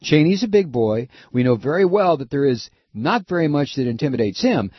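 A man's voice: medium pitch, slightly rough, dry recording, muffled recording. A man hosting political talk radio, ranting with sarcasm and profanity.

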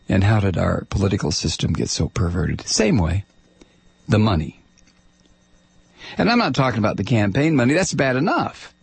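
A middle-aged male host delivering an angry, sarcastic political rant. His voice is gravelly and husky, with a lively, swinging pitch. The sound is dry and close. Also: normal speed, pauses often, dry recording. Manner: angry, sarcastic, repeats words when heated. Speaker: commentary show host.

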